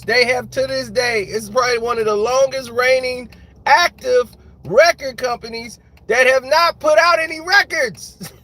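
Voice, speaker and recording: A man's voice: very high voice, sharp tone. A man telling casual stories as a guest, laughing often and acting out the people he quotes. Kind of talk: casual storytelling.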